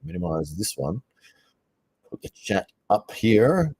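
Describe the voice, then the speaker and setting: Deep-voiced man chatting on a live stream. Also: sing-song, slow, a little mellow, husky, no room sound, studio quality. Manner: chatty, laughs often, rambles between tasks. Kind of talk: casual live-stream commentary.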